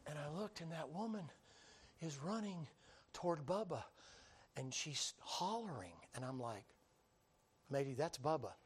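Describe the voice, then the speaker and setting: A man preaching in a folksy drawl. He tells his story in an animated way, acts out the people in it, and now and then bursts out loudly. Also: on the high side, a little slow, pauses often, breathy edge. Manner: folksy, animated storytelling with acted-out voices and sudden loud bursts. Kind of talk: storytelling sermon.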